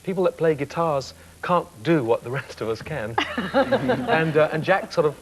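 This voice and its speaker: A man's voice: fairly high pitch, expressive, normal speed, a little hiss or hum, low-quality recording. A man in his fifties reflecting candidly on his singing career as a talk show guest. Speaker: singer, guest. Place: TV studio.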